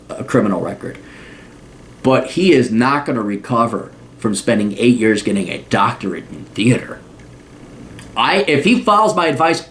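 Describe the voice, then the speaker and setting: A man hosting an advice podcast, talking bluntly and profanely in a ranting monologue with sarcastic, mocking asides. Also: mid-range voice. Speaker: podcast host.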